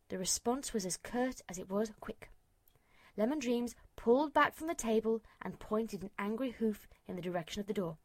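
A woman narrating a fantasy storybook in an expressive, dramatic reading. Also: a little high, moderate pace, no echo.

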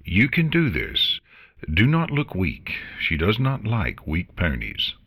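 A man's voice: fairly low pitch, wildly swooping pitch, slow, gravelly, fairly bright tone, breathy edge, voice pushed up, full character voice. Man voicing a nervous young stallion pony. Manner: anxious self-encouraging speech. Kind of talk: fan fiction reading.

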